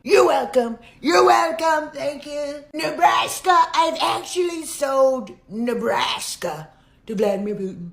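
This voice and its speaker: Woman as a boastful male president, rambling and repeating catchphrases, echoey and high. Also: lively intonation, slow, vocal fry, heavily acted. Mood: smug.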